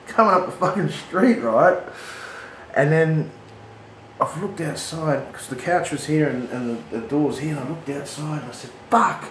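Swearing Australian man telling a yarn. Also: medium pitch. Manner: swearing, animated, laughs at his own yarns. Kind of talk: casual storytelling. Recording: echoey room with clear background noise.

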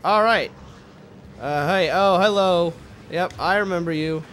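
A man hosting a let's play, giving casual gameplay commentary that swings from low mumbling to frustrated shouting, with free swearing. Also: measured pace, slight background noise.

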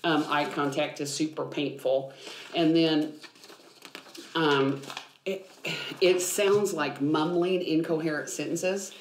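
A woman's voice: low-pitched, steady tone, takes it slowly, pauses often, slight background noise. A woman biblical counselor explaining things earnestly in a podcast conversation, with frequent ums. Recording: roomy echo.

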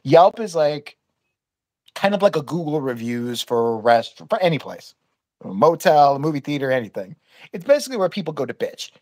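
A woman host tells a story in loose, profanity-laced chat, jumping between voices for the people in it. Her pitch rises and falls all over the place. The sound is dry and close, with no room in it. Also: very animated, moderate pace, darkish tone, no echo. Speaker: podcast host.

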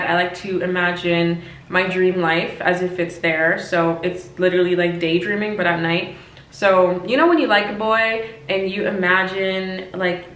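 Chatty bright-voiced young woman vlogger. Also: lowish voice. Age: 20s. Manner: chatty, emphatic, repeats herself. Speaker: lifestyle vlogger. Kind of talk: casual advice vlog. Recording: echoey room.

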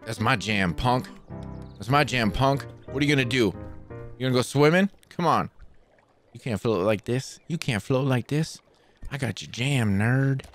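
A man hosting a gaming channel, giving playful, excitable let's play commentary full of trash talk. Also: medium pitch, normal speed, soft background music.

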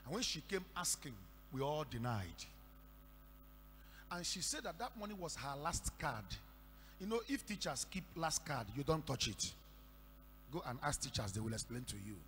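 A Nigerian man preaching a sermon, telling stories and breaking into shouted declarations. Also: fairly high pitch, very animated, moderate pace. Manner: storytelling with sudden shouted declarations. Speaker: pastor. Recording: echoey hall with faint hum.

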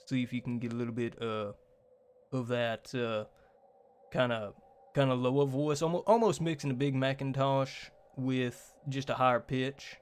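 Male streamer of middle pitch, loose and rambling, chatting with viewers while he plays. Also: steady tone, normal speed, clean tone. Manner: rambling, with many fillers and restarts; reads on-screen game text aloud. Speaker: game streamer and voice actor. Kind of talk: casual live-stream chat while playing.

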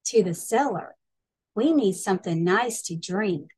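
A woman's voice: mid-range voice, animated, unhurried, darkish tone, husky, no echo. A woman reading aloud and voicing a friendly, kind female snail in a storybook.

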